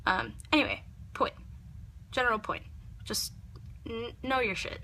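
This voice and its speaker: A young woman vlogs a heated rant, her voice bright and sharp-edged. She swears often and rambles, tossing in filler words as she works herself up. A faint room hum sits under her voice. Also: a little high, big pitch swings, a little slow. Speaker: makeup vlogger. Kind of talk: ranting vlog monologue.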